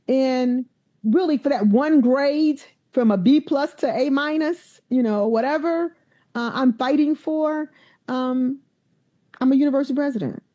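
A university president in conversation, a woman whose voice sits a little high yet sounds mellow and warm. She tells her stories with animation and slips into the voices of the people she quotes. The recording is somewhat dull and lo-fi. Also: unhurried. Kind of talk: conversational interview storytelling.

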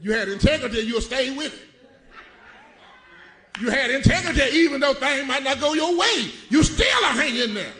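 A middle-aged man preaching a sermon, telling a comic story in a folksy, animated way with loud bursts. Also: very high-pitched, normal speed, roomy sound. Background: congregation laughing.

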